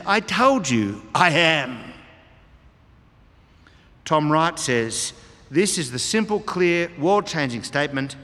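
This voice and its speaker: Preacher, male, slightly high voice, long church reverb, expository sermon delivery with repeated key phrases. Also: a bit bright. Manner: expository, reads and explains scripture with emphatic repetition. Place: church hall.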